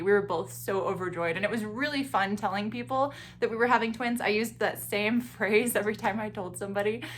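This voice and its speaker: Young adult woman, mom vlogger, casual and chatty, expressive storytelling with frequent laughs. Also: mid-range voice, slight background noise. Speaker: vlogger and mother of twins.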